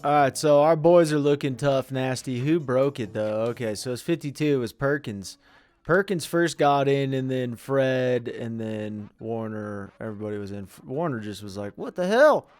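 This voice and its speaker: A man's voice: mid-range voice, normal speed, no room sound. A young man giving casual, joking commentary over a football video game, trash-talking his players as he plays. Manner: loud, joking trash talk at the screen. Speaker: gaming commentator.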